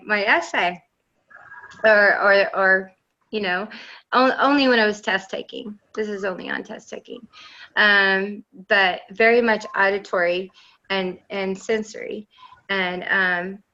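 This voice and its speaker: A middle-aged woman with a bright, forceful voice tells a rambling, enthusiastic personal story at a round-table discussion. The audio is dull and lo-fi, like an online call. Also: mid-range voice. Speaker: panel guest.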